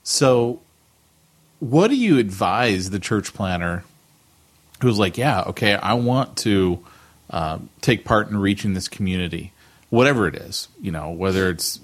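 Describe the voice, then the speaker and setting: A man's voice: lowish voice, animated, unhurried. A man co-hosting a podcast, asking questions in a casual, conversational way with plenty of fillers. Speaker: podcast co-host.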